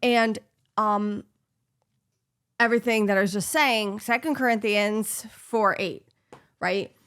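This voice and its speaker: A woman's voice: mid-range voice, steady tone, slow, a bit bright, clean tone. A woman co-hosting a casual talk show, speaking earnestly and encouragingly, sometimes quoting scripture. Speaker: podcast co-host. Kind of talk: casual faith-based chat.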